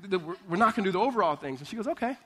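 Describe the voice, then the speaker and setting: A male pastor preaching a sermon, telling lively stories with laughter and acting out both sides of a conversation. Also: high-pitched, very fast. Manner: animated storytelling, acting out dialogue, laughing often. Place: church.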